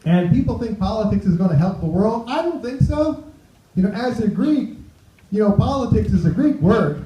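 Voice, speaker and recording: A man's voice: high voice, animated, moderate pace, dark tone. A man performing a stand-up set on a club stage, chatty, tossing asides to the crowd. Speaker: stand-up comedian. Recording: roomy, dull club recording.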